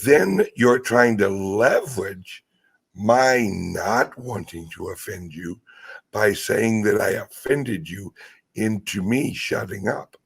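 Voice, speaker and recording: Slow, gravelly, husky-voiced man. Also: on the low side, expressive. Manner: blunt and profane, with hesitant restarts. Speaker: podcast host. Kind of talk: casual podcast conversation.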